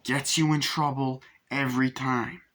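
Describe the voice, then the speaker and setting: A man voicing a murderous, taunting male doll in a high, sneering voice. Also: little pitch movement, measured pace, a bit bright, lightly acted. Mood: menacing.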